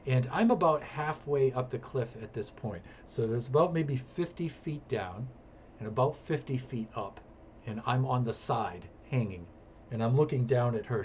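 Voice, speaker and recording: Brief: male streamer, mid pitch, casual rambling storyteller, faint hiss. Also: lo-fi sound. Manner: rambling, repetitive, chuckling storyteller. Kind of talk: casual storytelling while gaming.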